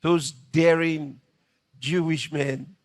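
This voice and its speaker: A man preaching a dramatic, animated sermon. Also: fairly high pitch, drawn-out words, no echo, studio quality.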